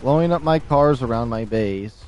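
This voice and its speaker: A man's voice: medium pitch, lively intonation, normal speed, a little mellow, slight background noise. A man streaming a video game live, chatting casually and rambling, often laughing, on a desk microphone. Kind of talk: casual live gameplay commentary.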